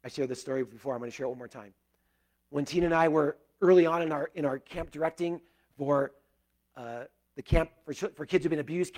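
A middle-aged man delivers a sermon in an earnest, conversational way. His voice sits a little high, and he swings from loud, excited bursts down to soft, prayerful murmurs. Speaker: pastor.

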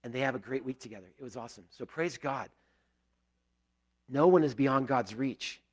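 A middle-aged man preaching a sermon in an earnest, conversational way, with loud bursts and soft prayerful drops. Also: medium pitch, normal speed, breathy edge. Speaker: pastor.

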